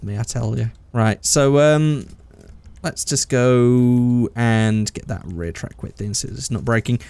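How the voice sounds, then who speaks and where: A man's voice: medium pitch, darkish tone, no echo. A man giving casual, rambling gameplay commentary as a channel host, thinking aloud as he goes.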